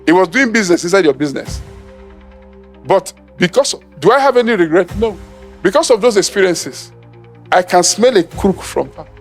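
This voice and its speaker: A man's voice: high voice, lively intonation, moderate pace, faint music behind. A middle-aged man from Nigeria preaching an emphatic sermon, acting out quoted voices and laughing at his own points. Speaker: apostle preaching.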